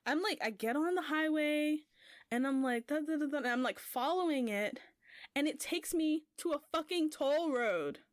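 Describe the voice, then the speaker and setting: A woman's voice: sits high, moderate pace, no echo, clean studio sound. A young woman co-hosting a podcast, telling a rambling story in casual chat and filling it with "like". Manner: rambling, heavy use of "like", animated when retelling. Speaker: podcast co-host.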